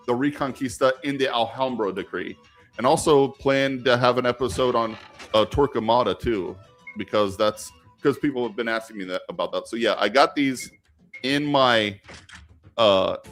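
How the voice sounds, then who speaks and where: Male live stream host, casual Q&A, mid-pitched, rambling with many restarts. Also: fairly bright tone. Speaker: live stream host answering viewer questions.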